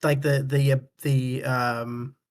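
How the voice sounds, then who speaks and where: A tabletop player who gives halting, helpful rules reminders to the group. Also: mid-range voice, level tone. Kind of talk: tabletop game play.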